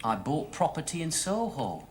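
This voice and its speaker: An actor playing a put-upon young shop assistant, wry and self-pitying. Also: male voice, a little high, sing-song, moderate pace, heavy background noise.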